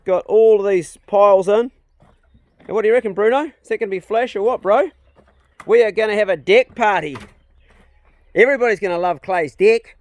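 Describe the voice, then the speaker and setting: High-voiced New Zealand man, chatty. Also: brisk, pauses often, no room sound. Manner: chatty, jokey, salty slang. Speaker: vlogger. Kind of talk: casual chat. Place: outdoors on a rural property.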